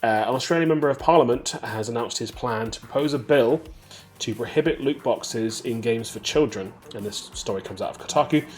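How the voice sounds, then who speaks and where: Host, male, mid pitch; reads news crisply, then chats loosely with his co-host. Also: darkish tone. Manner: brisk, reads headlines then banters. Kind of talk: reading games news and chatting.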